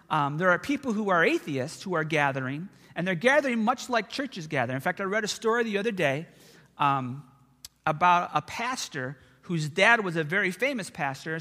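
A man preaching a sermon to his church, telling stories from his own life in a loose, chatty way. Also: high-pitched. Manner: conversational storytelling, animated and expressive. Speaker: pastor. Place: church sanctuary. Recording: long church hall reverb.

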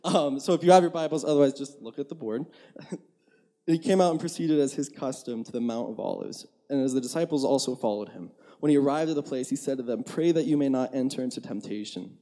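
A man's voice: mid-range voice, fast talker, warm tone. A young man giving a sermon in a conversational, candid way, acting out his own inner dialogue. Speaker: preacher.

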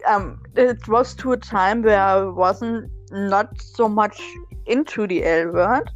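A woman chatting casually about a TV series, emotional and halting, with many fillers. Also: medium pitch, dull audio, faint music behind.

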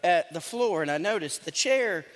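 A man's voice: high voice, lively intonation, moderate pace. A male pastor, preaching a sermon in a conversational, joking and emphatic way. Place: church sanctuary. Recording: long church hall reverb.

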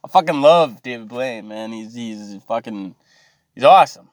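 A man's voice: medium pitch, lively intonation, normal speed, no echo, studio quality. A Canadian man with a Canadian accent, ranting casually in a profane, rambling way that keeps drifting off track. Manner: profane, easily sidetracked, loose and rambling. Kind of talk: rambling comedic rant.

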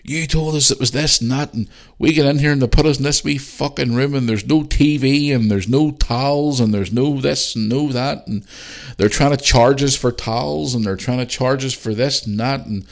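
A man voicing his irate older father, ranting loudly and fast with heavy swearing. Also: medium pitch, creaky, pitched above the performer's own voice, lightly acted. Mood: furious ranting.

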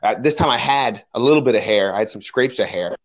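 Man, personal trainer, animated storyteller, mid pitch, acts out quoted voices. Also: fast, lo-fi sound. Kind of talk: casual storytelling chat.

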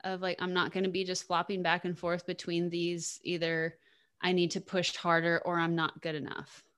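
A woman's voice: fairly low pitch, monotone, normal speed, fairly bright tone, clear, resonant tone. A young woman co-hosting a podcast, talking casually and candidly, often repeating herself mid-sentence and laughing. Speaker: podcast co-host.

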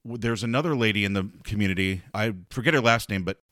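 A man's voice: lowish voice, fast, fairly bright tone, no echo, studio quality. A man co-hosting a podcast, talking casually and bluntly about a novel, swearing now and then. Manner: chatty, blunt, swears freely. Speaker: podcast co-host. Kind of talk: casual book discussion.

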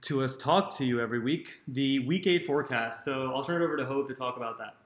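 A man's voice: medium pitch, quick pace, roomy sound. A young man hosting a podcast in casual chat, joking and swearing freely. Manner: profane, joking. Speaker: podcast host.

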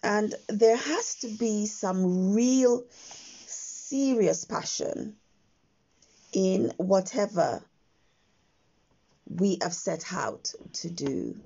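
A woman hosting her own podcast, talking slowly and gently with pauses, her voice croaky from just waking up, recorded on her phone in a quiet house. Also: medium pitch, expressive, lo-fi sound. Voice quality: croaky morning voice. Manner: slow, gentle, with frequent pauses. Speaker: podcast host. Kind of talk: slow reflective podcast monologue.

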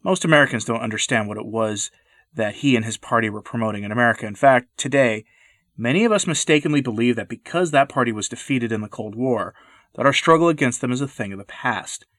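A man hosting a podcast, reading scripted commentary in an earnest, measured, lecturing way. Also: medium pitch, a bit bright, no echo, clean studio sound. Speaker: podcast host. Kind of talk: scripted commentary read aloud.

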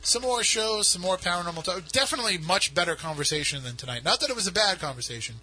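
A man's voice: high-pitched, animated, fast, sharp tone, poor audio. A man hosting a casual radio talk show, rambling and poking fun at himself. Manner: rambling, self-mocking. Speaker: podcast host.

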